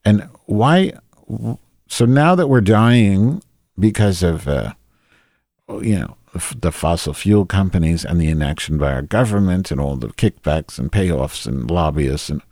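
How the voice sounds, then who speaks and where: A man's voice: deep voice, lively intonation, moderate pace, darkish tone, dry recording, studio quality. A man hosting a solo podcast in a rambling, profane, self-deprecating monologue. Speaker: podcast host.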